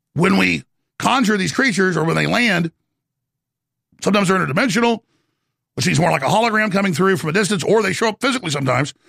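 A man delivering a heated, excited rant as a show host, often stumbling and repeating words as he builds up steam. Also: high-pitched, gravelly, husky, no echo, clean studio sound. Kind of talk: heated ranting monologue.

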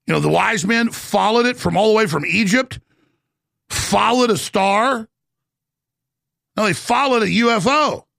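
A man delivering a heated, excited rant as a show host, often stumbling and repeating words as he builds up steam. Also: high-pitched, a little slow, vocal fry, pauses often, no room sound, studio quality. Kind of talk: heated ranting monologue.

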